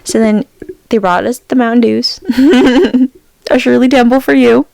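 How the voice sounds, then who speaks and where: Gravelly-voiced young woman telling a story. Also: on the high side, steady tone, a little slow, darkish tone, dry recording. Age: 20s. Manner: chatty storyteller acting out quoted voices. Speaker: podcast co-host. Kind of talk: casual chat.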